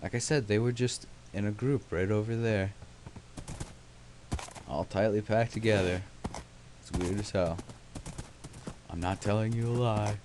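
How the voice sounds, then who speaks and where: A man's voice: fairly low pitch, measured pace, long pauses, noisy background. A young man casually narrating his gameplay, rambling with sarcastic, self-mocking asides. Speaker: let's play host.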